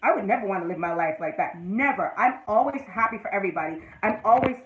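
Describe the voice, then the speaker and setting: A woman's voice: mid-range voice, expressive, quick pace, highs cut off. A woman hosting a casual livestream, giving motivational advice and greeting viewers by name. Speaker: livestream host.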